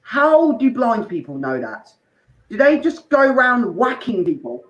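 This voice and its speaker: A man's voice: very high voice, wildly swooping pitch, unhurried. A man doing an open mic stand-up set, telling crude rambling stories with asides to the crowd. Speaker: stand-up comedian. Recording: echoey room, muffled dull sound, faint noise.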